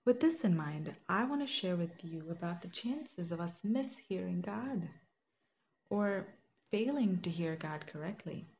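Young woman, lower voice, earnest personal testimony, slightly muffled recording with faint hiss. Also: expressive, unhurried, a little mellow. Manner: earnest, conversational, with many fillers and restarts. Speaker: Christian speaker sharing a personal story.

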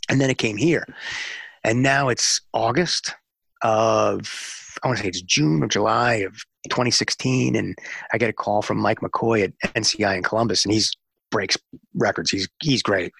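Man, husky lowish voice, dry close sound, animated storyteller, interview. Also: moderate pace, no echo. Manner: animated storyteller acting out dialogue. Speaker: music radio promotion executive.

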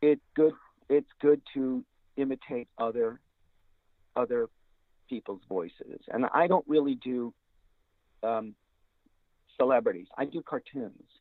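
Man, voice actor guest, rambling casual talk, thin phone-line sound with no room echo. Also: mid-range voice. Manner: rambling, slips into quick character voices. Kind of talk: casual interview chat.

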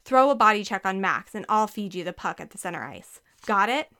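A woman voicing a bold, playful young babysitter who talks briskly and bosses the kids around in a storybook reading. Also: mid-range voice, lively intonation, bright, forceful tone. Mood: pumped up.

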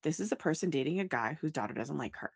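Animated woman with a husky voice. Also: low-pitched, fast talker, no room sound. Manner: animated, often acts out lines with big swings in voice. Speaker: podcast host. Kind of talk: casual chat recapping a soap opera.

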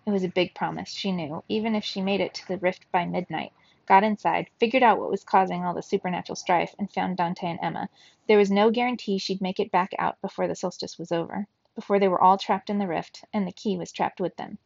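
A woman reading a children's novel aloud in steady storybook narration. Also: lowish voice, fairly quick, gravelly, no echo, highs cut off. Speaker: reader.

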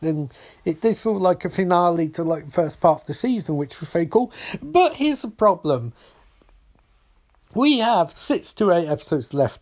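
A man with a somewhat raised voice gives a loose, casual TV episode recap and review. He rambles, swears freely and fills pauses with "um" and "like." The delivery is offhand and conversational. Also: fairly high pitch, a little mellow. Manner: profane, rambling, lots of fillers.

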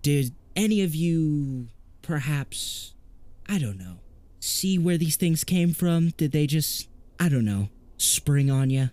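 A man voicing a fussy, high-strung middle-aged male paranormal podcaster who talks in a flustered, snippy way. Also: animated, takes it slowly, a little mellow, dry recording.

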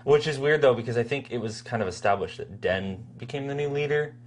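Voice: medium pitch, a little fast, a little hiss or hum. A young adult podcast co-host chatting casually about a movie, retelling scenes with acted-out lines and laughter. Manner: animated storyteller, acts out lines. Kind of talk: casual movie review chat.

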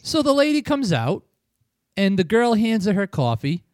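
Profane, rambling man with a higher voice. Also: big pitch swings, normal speed, darkish tone, no room sound, studio quality. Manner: profane, rambling, chuckles often. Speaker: podcast host. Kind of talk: casual chat, storytelling.

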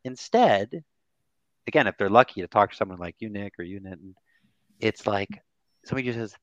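Animated man on a dull, dry recording. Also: on the low side, a little fast, pauses often, dry recording. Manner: animated, acts out quoted voices, swears casually. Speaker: grief therapist guest. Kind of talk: candid podcast conversation.

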